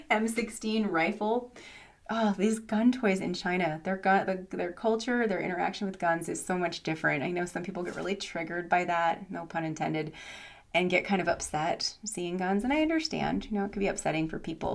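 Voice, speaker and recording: A young adult woman from the United States, an online English teacher, telling stories about her classes in a chatty, animated vlog style with frequent fillers and laughs. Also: on the low side, creaky. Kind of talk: casual vlog storytelling.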